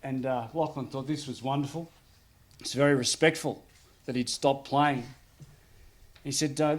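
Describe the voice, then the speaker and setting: A man's voice: mid-range voice, fairly even intonation, moderate pace, pauses often. A man with an Australian accent giving a conversational public speech as a politician, joking and using many fillers. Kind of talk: public speech at an outdoor opening.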